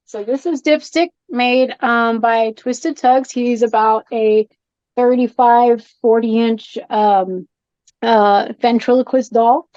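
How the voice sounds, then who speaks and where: A woman with a fairly high voice tells a ghost story in a chatty podcast, jumpy and animated and quick to play out her own fright. The sound is dull and close, with no room around it. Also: no echo. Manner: animated, jumpy, acts out scared reactions. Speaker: guest, shop owner and horror collector. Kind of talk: excited storytelling in a podcast chat. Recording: dull dry podcast audio.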